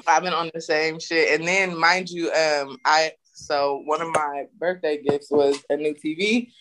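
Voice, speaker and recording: A woman co-hosting a casual chat, telling animated, profane stories. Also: low voice, a little slow. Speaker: podcast co-host.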